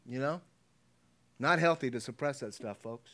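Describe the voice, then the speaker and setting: A man's voice: mid-range voice, moderate pace, a bit bright. Conversational middle-aged male pastor preaching. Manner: conversational, repeats words, checks in with the congregation. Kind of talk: sermon.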